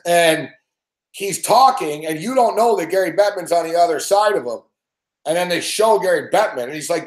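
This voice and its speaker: A man hosts a late-night sports betting show, his voice fairly high. He rants with nonstop profanity and sneering impressions of the people he quotes. The recording sounds echoey, as if in a bare room. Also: animated, normal speed, long pauses. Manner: profane, angry ranting; mocking impressions of others. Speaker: host. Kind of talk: ranting sports betting commentary.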